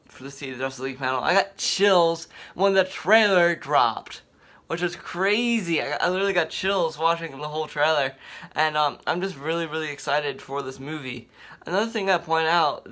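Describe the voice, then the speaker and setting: A young man rambling excitedly in casual fan commentary, repeating himself often. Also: mid-range voice. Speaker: vlogger.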